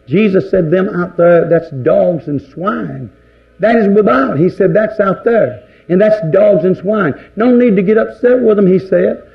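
Gravelly-voiced preacher, lo-fi. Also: male voice, high-pitched. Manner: fervent preaching, volleys of rhetorical questions. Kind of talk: sermon. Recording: dull lo-fi recording.

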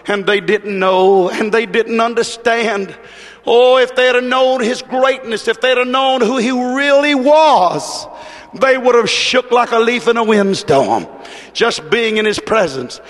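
Male preacher, fervent rhythmic sermon building to shouts, high-pitched, long hall reverb.

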